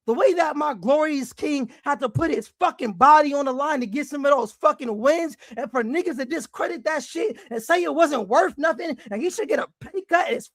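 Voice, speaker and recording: A man hosting a basketball fan show, ranting angrily with heavy profanity and frequent shouting. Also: extremely high pitch, no echo, studio quality. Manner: angry, profane, often shouting. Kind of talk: heated fan rant.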